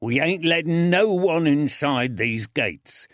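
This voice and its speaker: A man narrating an audiobook, voicing a nervous, rough-spoken jailer who talks bluntly and slowly. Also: on the high side, animated, a bit bright, no room sound, voice pushed up. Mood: threatening. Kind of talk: audiobook character voice. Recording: dry, slightly dull.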